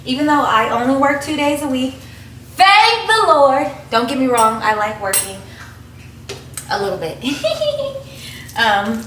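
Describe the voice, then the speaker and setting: A young woman who works as a night-shift nurse, talking casually to camera in a vlog, excitable and quick to giggle. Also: roomy sound. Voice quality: giggly and excitable, voice jumps high when moved. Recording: noisy background hiss.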